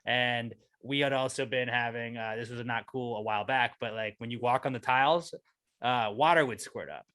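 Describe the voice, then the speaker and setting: A man co-hosting a podcast, telling a long profane rant about his apartment that keeps climbing in pitch when he gets angry. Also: moderate pace, fairly bright tone, no echo. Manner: ranting, profane storytelling, voice rising when angry. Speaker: podcast co-host. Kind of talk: casual chat.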